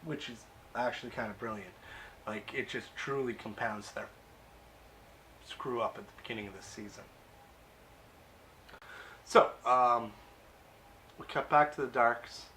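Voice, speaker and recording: A man's voice: mid-range voice, unhurried, long pauses, pushed and bright, a little hiss or hum. A man casually recapping and reviewing a TV episode, chatty and amused, with plenty of uh and um.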